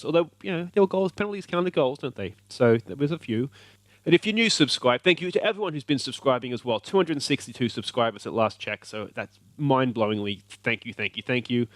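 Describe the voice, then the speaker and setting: Australian man, game commentary, excited and animated, medium pitch, dry close-miked voice. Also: no echo. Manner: animated, cheering at the screen. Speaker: video game let's play host.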